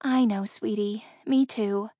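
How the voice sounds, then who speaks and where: A woman's voice: medium pitch, fairly even intonation, takes it slowly, warm tone, no room sound, studio quality. A woman voicing a caring middle-aged mother who speaks tenderly and reassuringly in an audiobook reading.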